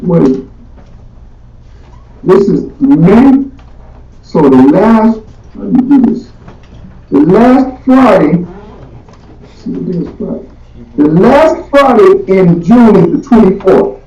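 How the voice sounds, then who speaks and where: High-voiced man teaching a Bible class. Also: slow, pauses often. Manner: animated, slangy, rhetorical questions. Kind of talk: casual teaching Q&A. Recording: echoey, distant, dull room recording.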